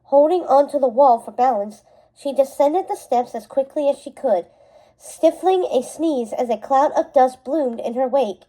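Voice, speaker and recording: A woman reading a novel aloud chapter by chapter, in steady narration that sometimes slips and corrects itself. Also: high voice, normal speed, rough recording. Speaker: storybook reader.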